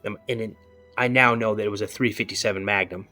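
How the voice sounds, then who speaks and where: A man's voice: fairly low pitch, fairly even intonation, quick pace, bright, forceful tone, soft background music. A man, a podcast guest, telling a personal encounter story in a rambling way, full of "you know" and restarts.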